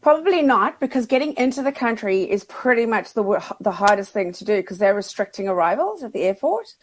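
A woman chatting as a radio guest, lively and laughing easily, using casual slang. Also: mid-range voice, brisk, a little hiss or hum. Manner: chatty, laughs often, drops Australian slang.

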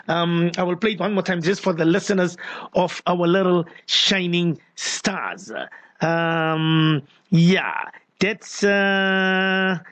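A man's voice: sits high, fairly bright tone. A man hosting a live radio call-in show, playful and coaxing, stretching words for emphasis. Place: radio studio.

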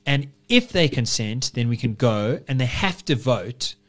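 Male podcast co-host, mid-pitched, discursive and philosophical, long winding arguments. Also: animated, measured pace. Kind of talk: casual political chat.

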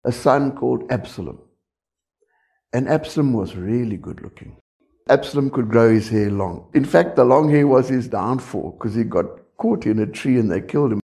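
A man's voice: mid-range voice, animated, normal speed, vocal fry, mellow. A man preaching a sermon, talking conversationally and often checking in with the congregation.

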